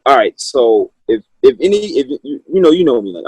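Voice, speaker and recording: A man's voice: medium pitch, big pitch swings, a little fast, darkish tone, husky, no echo, low-quality recording. A man in his thirties, a wrestling coach from Maryland, talking loosely with restarts in a casual interview. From Maryland, USA. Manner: loose, rambling storytelling with many restarts. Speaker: high school wrestling coach, guest.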